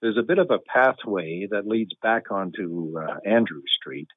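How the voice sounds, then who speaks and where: A man recounts a story with wry, deadpan humor and easy chuckles. His voice sits low and dry. It comes through a thin, phone-like line. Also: unhurried, dry recording. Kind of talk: relaxed anecdotal storytelling.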